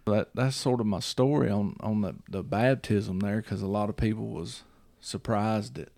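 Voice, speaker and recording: A man's voice: fairly low pitch, fairly even intonation, normal speed, creaky, warm tone, no echo. A man hosting a casual chat, rambling and repeating himself while he checks that the listener follows. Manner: rambling, repeats himself, checks in with "you see what I'm saying".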